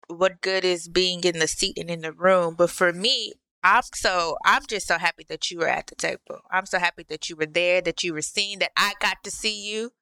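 A woman's voice: fairly low pitch, steady tone, normal speed, hardly any pauses, bright, forceful tone, clean tone, no echo, low-quality recording. A woman hosting a podcast, chatting in an effusive, casual way. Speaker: podcast host. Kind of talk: casual chat.

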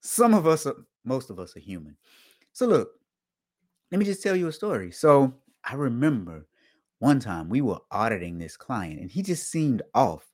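A man hosting a casual live talk show for auditors, dry in his humor, repeating his points and jumping up in pitch and volume to stress them. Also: normal speed. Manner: animated, jumps up in pitch and volume for emphasis. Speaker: host of an online show for auditors.

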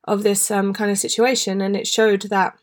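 A woman's voice: mid-range voice, level tone, moderate pace. Emotional woman, rambling. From England. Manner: rambling, emotional, many fillers. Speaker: podcast host. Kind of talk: personal monologue.

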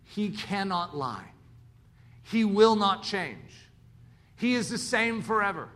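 A man preaching a sermon in an animated way, acting out the voices of his listeners. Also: sits high, slow pace. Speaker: pastor.

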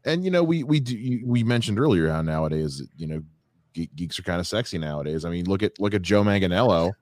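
A man's voice: sits low, animated, quick pace, a little mellow, no room sound. A man hosting a podcast in casual, enthusiastic chat with joking asides, recorded close to a studio mic. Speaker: podcast host.

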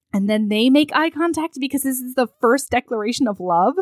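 A woman recapping a film in casual chat, acting out the characters' lines in an animated way. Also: fairly high pitch, a little fast, hardly any pauses, dry recording, studio quality. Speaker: podcast co-host recapping a film. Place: her living room.

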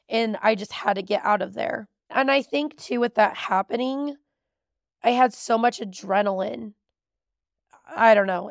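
A woman's voice: mid-range voice, creaky, no echo, studio quality. A woman in her thirties, a podcast host, telling a personal story in a candid, emotional way. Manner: candid, emotional, tearful at times.

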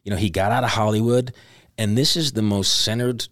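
A man's voice: lowish voice, fairly even intonation, brisk, fairly bright tone, dry recording, clean studio sound. A man in casual conversation who thinks aloud, restarting his sentences and leaning on "you know.". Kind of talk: casual chat.

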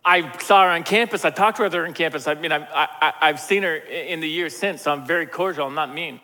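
A man's voice: fairly high pitch, brisk, pushed and bright. A middle-aged man, a pastor, preaching a sermon in a casual, joking way and acting out the voices he quotes. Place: large church hall. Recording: long hall reverb.

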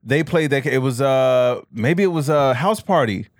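A man's voice: medium pitch, normal speed, no room sound, clean studio sound. Laid-back man in casual chat. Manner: relaxed, swears casually, riffs on stories.

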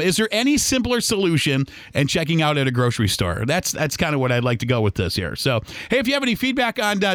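On his solo podcast, a Michigan man casually rambles about daily errands, slipping into impressions of shoppers and other people. His voice is on the high side with a fairly bright tone, and there's no echo.

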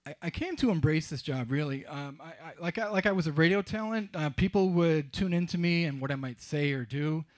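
Middle-aged guy telling a funny story about himself, slightly high voice, stumbles over his words a lot. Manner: wry, self-mocking, halting restarts. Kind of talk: live storytelling.

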